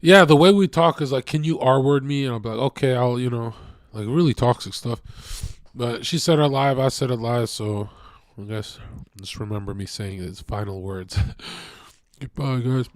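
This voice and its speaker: A man's voice: medium pitch, normal speed, dry recording, clean studio sound. Candid, rambling man on a stream. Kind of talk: casual chat.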